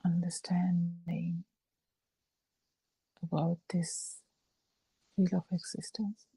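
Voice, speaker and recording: Slow Sri woman teacher, gravelly voice, dry video-call sound. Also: on the low side, monotone, warm tone, no echo, rough recording. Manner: slow, halting explanation with frequent fillers. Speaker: Buddhist teacher. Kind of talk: dharma talk on a video call.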